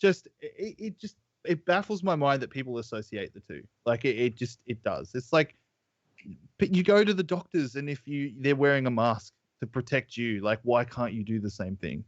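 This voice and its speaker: A man's voice: medium pitch, animated, normal speed, dry recording. A man rants bluntly and swears freely. His voice comes through dull, dry video-call audio. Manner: blunt, exasperated ranting, swears. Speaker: regular guest. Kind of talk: casual group video chat.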